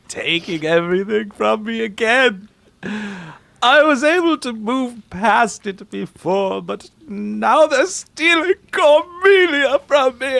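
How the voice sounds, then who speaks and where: A player voicing a melodramatic space sibling nursing an old family grudge, in an over-the-top soap-opera delivery. The speech is slow and drawn out, with pitch that swings widely. The recording is dry and close. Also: creaky, fairly bright tone, no echo, full character voice. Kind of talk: tabletop actual-play role-play.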